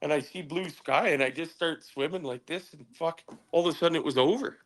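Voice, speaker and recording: A man from British Columbia sits in as a podcast guest and spins a story in loose, cussing chat. His telling is animated: he mimics sounds and acts out what people said. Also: on the high side, a little fast. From British Columbia, Canada. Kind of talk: casual storytelling.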